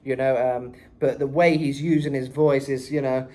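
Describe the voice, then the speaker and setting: A man's voice: mid-range voice, normal speed. Chatty male vocal coach. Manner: relaxed and chatty, full of "you know" and "kinda". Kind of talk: casual vocal analysis tutorial. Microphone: phone.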